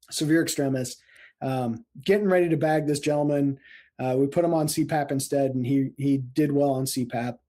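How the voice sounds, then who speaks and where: Man from central Illinois, paramedic guest, fairly high pitch, mellow tone, animated storyteller. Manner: animated, laughs often, acts out quotes. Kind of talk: casual storytelling interview.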